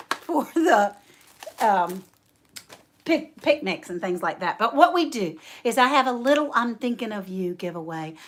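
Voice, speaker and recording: A woman hosting a casual livestream, chatting warmly with viewers, laughing often and reading out their names. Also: mid-range voice. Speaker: homestead channel host.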